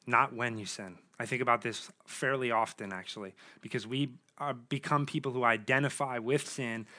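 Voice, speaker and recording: A man delivers a sermon in a bright, forceful voice. He reads scripture passages aloud, then unpacks them in a relaxed, conversational manner, peppered with fillers. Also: mid-range voice, moderate pace. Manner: informal, conversational preaching with many fillers. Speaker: preacher.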